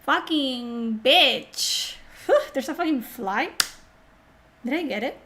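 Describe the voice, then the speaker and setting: A woman's voice: high-pitched, big pitch swings, normal speed, slight background noise. A woman streamer talking on a live stream, mocking and sarcastic as she answers chat, swearing often, while sick.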